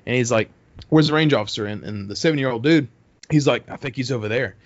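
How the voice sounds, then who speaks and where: A man's voice: mid-range voice, fast, no room sound. Profane storytelling man. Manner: rambling, heavy swearing, acts out quotes. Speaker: podcast host telling a story. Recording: dull dry close mic.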